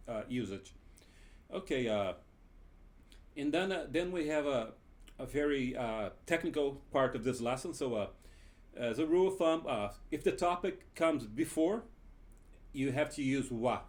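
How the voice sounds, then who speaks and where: A man teaching a Japanese grammar lesson, often pausing with fillers while he explains. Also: mid-range voice, a little mellow. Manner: hesitant, many filler pauses while explaining. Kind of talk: language lesson.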